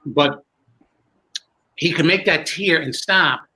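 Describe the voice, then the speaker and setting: A man, a magician, telling animated stories in conversation and building suspense as he goes. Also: on the high side, slow, low-quality recording. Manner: lively, building suspense with self-interruptions. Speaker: magician recalling a fellow performer.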